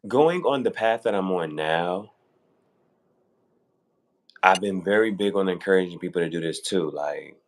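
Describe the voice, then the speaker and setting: Animated man telling stories casually. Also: deep voice, a little slow, pauses often. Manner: animated storytelling, acting out quoted voices. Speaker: guest on fashion talk show. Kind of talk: casual conversation.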